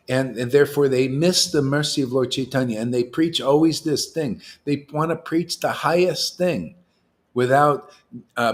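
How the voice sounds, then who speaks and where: A male spiritual teacher preaching informally to his devotees, his pitch swinging up and down with lively force. He talks in a challenging, colloquial way and repeats words to drive his points home. His voice sits in a middle pitch for a man. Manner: animated, emphatic, challenging, colloquial.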